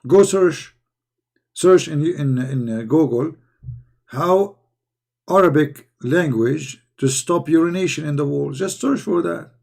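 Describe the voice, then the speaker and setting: Hoarse guy ranting, lots of rhetorical questions, choppy english, kinda raspy voice. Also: a little high, darkish tone. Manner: heated, rhetorical questions, halting non-native English. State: hoarse, losing his voice. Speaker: online commentator. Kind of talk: polemical commentary while reading texts aloud.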